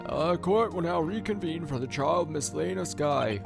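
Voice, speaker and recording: A man's voice: a little high, animated, normal speed, creaky, over music. A man voicing an exasperated older male judge with a stiff, put-upon manner. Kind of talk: let's play voice acting.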